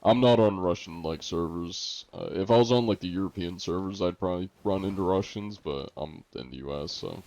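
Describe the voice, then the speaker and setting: A man's voice: sits low, a little fast, few pauses, darkish tone, dull audio. A man streaming a game and chatting casually with viewers, laid-back and sarcastic. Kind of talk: casual gameplay chat with viewers.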